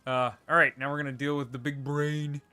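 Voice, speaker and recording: A man's voice: fairly high pitch, little pitch movement, a little fast, sharp tone, smooth. A man streaming a video game live, chatting casually, laughing often and answering viewer questions as he plays. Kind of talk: livestream gameplay commentary and chat replies.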